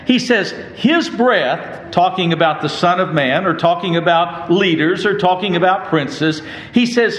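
A man preaching a sermon, reading verses slowly and with emphasis. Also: high-pitched, lively intonation, fairly bright tone, reverberant, rough recording. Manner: slow, emphatic preaching with drawn-out quoted verses.

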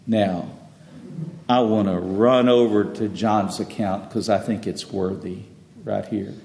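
A man preaching a slow, deliberate sermon in a church sanctuary. He stumbles and repeats words, then builds to loud emphatic peaks. The recording is roomy and echoey, with a long reverb tail. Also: fairly low pitch, steady tone, creaky, slight background noise. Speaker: pastor.

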